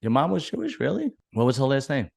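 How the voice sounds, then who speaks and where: A man hosting a casual bodybuilding podcast, teasing and ribbing his co-host, with loud jumps between mutters and outbursts. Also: mid-range voice, big pitch swings, fast talker, gravelly. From Italian-American family. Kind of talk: casual chat.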